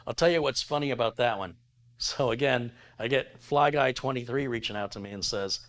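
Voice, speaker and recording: A man's voice: medium pitch, a little fast, a bit bright. A middle-aged man, hosting a live tech stream in a casual, chatty way and reading viewer donations aloud. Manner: chatty, laughs easily, reads viewer messages aloud.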